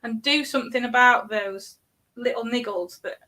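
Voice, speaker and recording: Bright-voiced British woman, halting. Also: on the high side. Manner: halting, many restarts and likes. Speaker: guest, parenting coach. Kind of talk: casual podcast interview.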